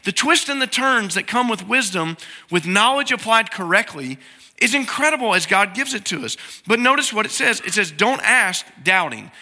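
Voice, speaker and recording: Man, middle-aged, preaching, casual sermon delivery, high pitch, very bright tone. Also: lively intonation, normal speed. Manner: conversational preaching, acts out quoted prayers in a soft low voice. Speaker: pastor.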